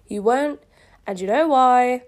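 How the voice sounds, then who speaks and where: A woman's voice: fairly high pitch, slow, pitched above the performer's own voice. A woman voicing a moody young vampire woman who is sarcastic and hurt, reading her own fan fiction aloud. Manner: sarcastic, then tearful and clingy.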